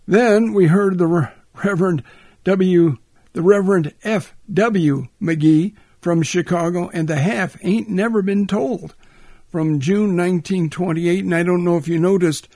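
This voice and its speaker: A man hosts a radio program about old records, talking casually and restarting his words now and then. His voice has a gravelly edge and sits a little high. The sound is dry and close. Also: unhurried, dry recording. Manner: relaxed, with small restarts. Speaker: radio host.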